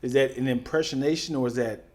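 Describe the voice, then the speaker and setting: A young man co-hosting a podcast, chatting casually and telling animated stories, sometimes slipping into playful mock voices. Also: mid-range voice, fast. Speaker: podcast co-host. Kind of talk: casual chat.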